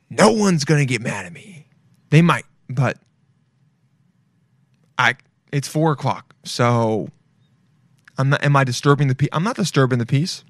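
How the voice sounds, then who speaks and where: A young man hosting his own podcast, rambling casually with lots of swearing and sudden bursts of loud excitement. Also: fairly high pitch, a little slow, long pauses, no room sound, studio quality. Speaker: podcast host. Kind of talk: casual solo podcast rant.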